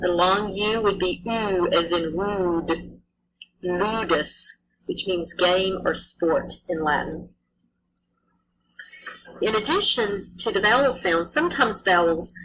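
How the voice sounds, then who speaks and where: A woman teaches pronunciation at a slow, deliberate pace, carefully sounding out each letter and example word. Her voice sits a little low. A faint hum runs under the recording. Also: sharp tone, poor audio. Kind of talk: pronunciation lesson.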